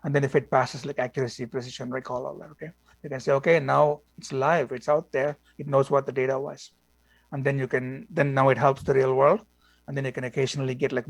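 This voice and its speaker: A man's voice: medium pitch, vocal fry, dry recording. A man lecturing a class on machine learning, blunt and opinionated, with many fillers like "you know" and "okay".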